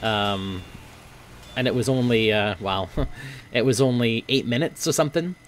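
A young man giving casual gameplay commentary, swearing often and grumbling at his team, quick to flare up. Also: medium pitch, slight background noise. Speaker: gaming video host.

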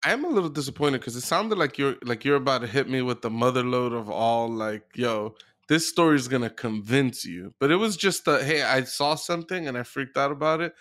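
A man's voice: mid-range voice, expressive, a little fast, a bit bright. A man co-hosting a podcast, chatting casually and teasing skeptically. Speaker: podcast co-host. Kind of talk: casual chat.

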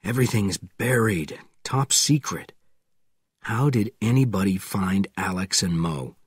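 A man voicing a grim former assassin turned professor, speaking low and quietly in an audiobook. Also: measured pace, breathy edge, dry recording, clean studio sound. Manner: quiet, bleak.

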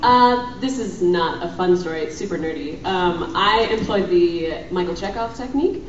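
A woman speaks on a convention panel in a wry, teasing way, with lively, wide-ranging pitch. She is recorded from far off, so her voice is echoey and dull. Noise from the room sits behind her. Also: moderate pace. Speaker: voice actor and director panelist. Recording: echoey hotel room from far off, muffled, noisy.

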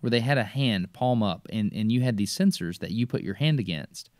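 A man chatting on a podcast, excitable and quick to launch into explanations. His voice sits fairly low. The sound is dry and close, with no room around it. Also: no echo. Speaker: podcast host. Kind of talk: casual chat.

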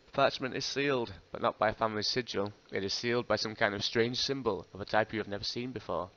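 A man reading an interactive fiction game aloud, expressive and breaking off with laughing asides. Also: fairly low pitch, fast talker, hardly any pauses. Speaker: host. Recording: dull lo-fi recording.

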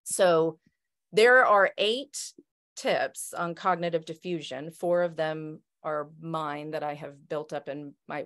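A woman's voice: low voice, creaky. A woman sharing self-help tips with a group in a thoughtful, casual way, often restarting her sentences. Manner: thoughtful, many restarts and "right?". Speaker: circle member sharing tips. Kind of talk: reflective casual talk.

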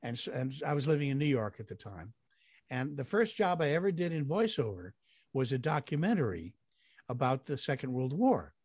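A man's voice: medium pitch, no echo, studio quality. An older man, a guest actor, telling long rambling anecdotes in an interview with chuckles along the way. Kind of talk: storytelling in an interview.

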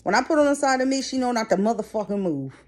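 A woman's voice: a little high, expressive, quick pace. A middle-aged woman giving a casual tarot reading to her viewers, talking bluntly and chattily and swearing freely. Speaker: tarot reader. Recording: noisy background.

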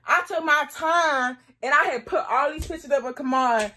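A young woman vlogging casually to camera, excitable and slangy, often exclaiming in frustration. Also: sits high, normal speed, a little hiss or hum. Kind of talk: casual prank vlog talk to camera.

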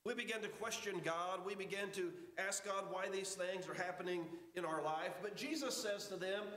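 A man preaching a sermon as pastor, emphatic, with rises and drops to a hush. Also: high voice, moderate pace, hardly any pauses. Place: church sanctuary. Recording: echoey church sanctuary.

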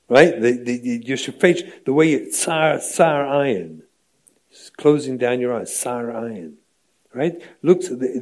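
Husky rabbi guy giving a parenting lecture, punchy and rhetorical, keeps going "right?". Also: medium pitch, dark tone. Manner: emphatic, rhetorical, often asks "right?". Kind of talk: training lecture to an audience.

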